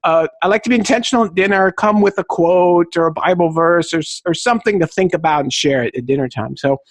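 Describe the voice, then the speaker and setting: A middle-aged man from southern California, a podcast guest telling stories in an exclamatory, high-energy way. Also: quick pace, dry recording. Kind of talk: enthusiastic storytelling.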